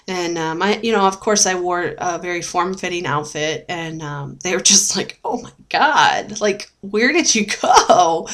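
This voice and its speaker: Chatty young woman rambling warmly. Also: fairly low pitch. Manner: chatty and rambling, with many fillers and restarts; emotional, laughs often. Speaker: vlogger sharing a weight-loss journey. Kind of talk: casual personal video diary.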